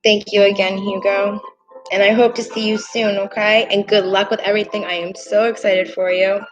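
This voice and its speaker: A woman's voice: mid-range voice, little pitch movement, moderate pace, lo-fi sound. A woman reading tarot cards on a live stream, bubbly and gushing as she talks to her viewers. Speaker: tarot reader. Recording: clear music bed behind voice. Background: soft meditation music.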